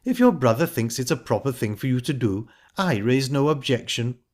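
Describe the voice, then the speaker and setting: A man's voice: mid-range voice, animated, normal speed, darkish tone, natural voice. A man voicing a shallow, easily offended widowed stepmother who talks in a prim, indignant way. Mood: huffy, prim.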